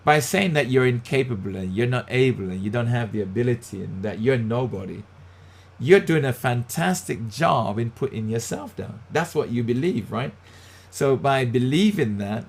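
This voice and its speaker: Pastor guy teaching from the bible, husky voice, punchy and repetitive. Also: mid-range voice, a little mellow. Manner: emphatic, repeats key phrases.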